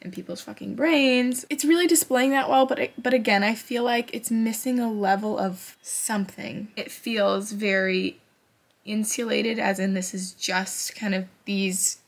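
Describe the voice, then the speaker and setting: A woman's voice: medium pitch, fairly even intonation, unhurried, gravelly. A woman book vlogger talking casually and candidly, swearing now and then, and reading passages aloud with feeling.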